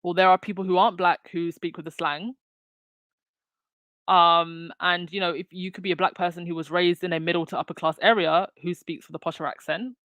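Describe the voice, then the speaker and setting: A woman's voice: lowish voice, level tone, fairly quick, a bit bright, dry recording. A woman hosting her own commentary channel, talking casually with lots of fillers and restarts. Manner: chatty, many fillers and restarts. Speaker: channel host.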